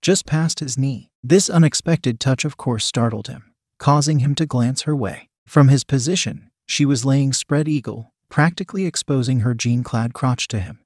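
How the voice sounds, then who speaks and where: A man's voice: medium pitch, normal speed, a little mellow, no room sound. Young man reading a story, dry sound. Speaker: narrator. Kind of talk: first-person story reading.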